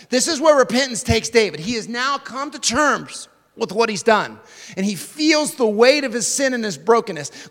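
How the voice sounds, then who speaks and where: Man, pastor, high-pitched, gravelly edge, lively casual sermon, swings loud to hushed, echoing hall. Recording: long reverb of a large hall.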